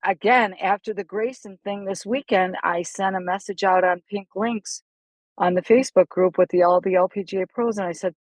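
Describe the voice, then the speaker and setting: A middle-aged woman, a golf instructor, telling stories animatedly in a casual podcast chat, with quick asides and restarts. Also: mid-range voice, fairly even intonation, dry recording, poor audio.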